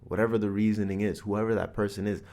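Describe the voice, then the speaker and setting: Low-voiced guy doing a reflective motivational podcast talk, storytelling vibe. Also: level tone, fast talker, warm tone. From Canada. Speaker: podcast host. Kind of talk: motivational monologue.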